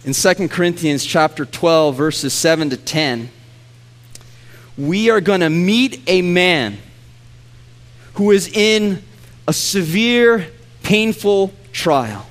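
A man's voice: high voice, animated, takes it slowly, pauses often. A man preaching a sermon as a pastor, reading scripture earnestly and letting his voice rise and swell on the pleading lines.

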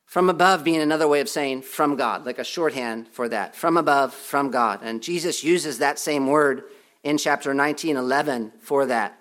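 A man's voice: mid-range voice, moderate pace, fairly bright tone. A man preaching a sermon as pastor, emphatic and repetitive, with self-deprecating humor. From United States.

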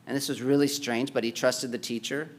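A man preaching a sermon, swinging between loud, pressing exhortation and quiet, low-key storytelling. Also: steady tone, a little fast. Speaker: pastor.

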